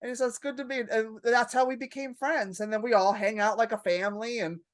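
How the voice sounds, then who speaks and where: Animated, profane woman comedian telling stories. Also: fairly high pitch, a little fast, no echo, clean studio sound. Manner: animated, profane, acts out her own panic. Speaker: comedian guest. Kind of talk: casual podcast storytelling.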